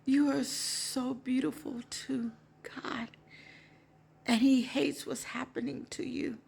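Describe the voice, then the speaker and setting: A woman doing a hushed, gentle guardian angel. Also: fairly high pitch, slow pace, vocal fry, slightly rough, exaggerated voice. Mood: tender. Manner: soft, hushed, soothing.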